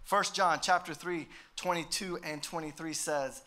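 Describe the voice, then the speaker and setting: A male pastor preaching a sermon in an emphatic way, with sudden swells in loudness. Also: fairly high pitch, expressive, moderate pace, few pauses.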